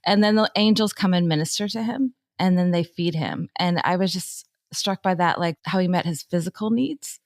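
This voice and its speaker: A woman's voice: lowish voice, moderate pace, hardly any pauses, no room sound, clean studio sound. A woman co-hosting a faith podcast, talking casually and animatedly with lots of "like" and laughter. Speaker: podcast co-host.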